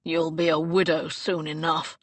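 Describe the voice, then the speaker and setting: A woman voicing a protective male hero in an audiobook, speaking slowly and coldly with held-back anger. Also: sits low, little pitch movement, dry recording, pitched below the performer's own voice. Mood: vengeful.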